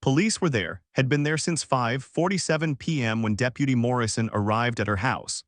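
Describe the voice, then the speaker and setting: A man narrating a scripted story in a somber, measured way. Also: medium pitch, no echo, clean studio sound.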